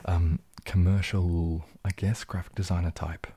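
Low husky soft-spoken man. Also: measured pace. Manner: relaxed, rambling, drops into whispers, reads chat aloud. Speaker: ASMR livestream host. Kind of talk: casual soft-spoken livestream chat.

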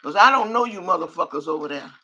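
A woman's voice: on the low side, animated, fast talker, pushed and bright, husky. An older woman on a live stream, cursing and trash-talking while she reads out viewer names. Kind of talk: profane live-stream rant.

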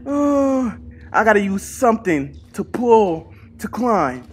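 Jumpy young horror gamer, lively voice. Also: mid-range voice, slow, breathy edge. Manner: talks to self, mutters then yells in panic, swears. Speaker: gaming channel host. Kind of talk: horror gameplay commentary.

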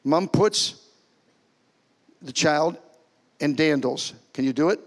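A man preaching as a pastor in a church, animated, swinging between loud calls and soft, hushed lines. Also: on the high side, slow pace. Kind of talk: sermon. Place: church sanctuary.

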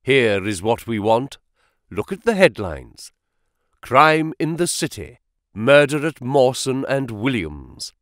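Guy reading as a quick sharp detective, lively up and down voice, dry close sound. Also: mid-range voice, no echo. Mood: brisk. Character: sharp, brisk male detective, reasoning aloud. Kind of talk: audiobook character reading.

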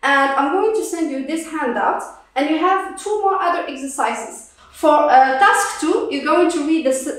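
Woman english teacher, high voice, slow patient drilling, far off in a super echoey room. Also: expressive. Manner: slow, patient, repeats each word to drill it. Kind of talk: classroom lesson explaining pronunciation.

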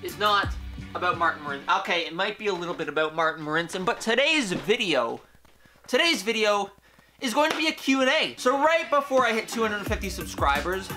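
A man's voice: high-pitched, fairly quick. Young male vlogger, peppy and opinionated, casual Q&A delivery with music underneath. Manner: energetic, playful, opinionated. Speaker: YouTube host. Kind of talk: casual Q&A vlog.

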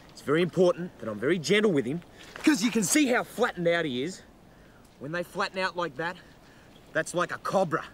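Australian male wildlife presenter, higher voice, very animated delivery, noisy outdoor field recording. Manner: excitable and animated, quick exclamations. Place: outdoors in the bush.

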